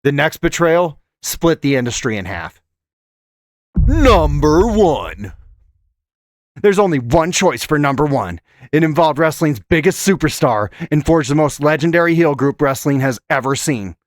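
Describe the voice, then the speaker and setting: A man narrates a scripted countdown with a dramatic, storytelling delivery. His voice sits a little high for a man. The sound is dry and close, with no room in it. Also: animated, normal speed, no echo. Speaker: channel host.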